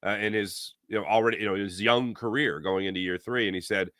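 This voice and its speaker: A man hosting a casual sports talk show, rambling and animated, acting out imagined quotes. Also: lowish voice, fairly quick, dry recording, clean studio sound.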